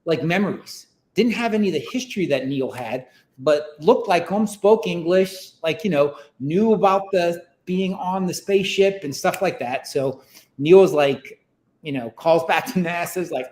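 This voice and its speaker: A man's voice: on the high side, moderate pace, a little mellow, echoey room. A man telling a story in a casual, rambling way, full of fillers, as a podcast guest. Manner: rambling, many fillers like "like" and "you know".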